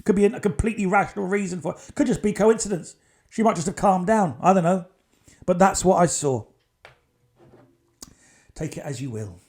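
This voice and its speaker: A man's voice: sits high, moderate pace, long pauses, a little mellow. A man hosting a podcast, telling stories in a chatty, digressive way with wry asides. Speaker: podcast host. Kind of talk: casual podcast storytelling.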